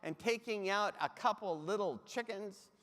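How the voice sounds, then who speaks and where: A man's voice: high-pitched, normal speed, a bit bright. A man giving a humorous keynote talk, telling comic anecdotes and speaking straight to his audience. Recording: long hall reverb.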